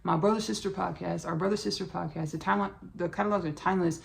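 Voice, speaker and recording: A woman's voice: on the low side, fairly even intonation, fast talker, creaky. A woman hosting a podcast in casual spiritual talk, effusive and rambling, repeating herself and calling listeners "baby" and "y'all". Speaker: podcast host.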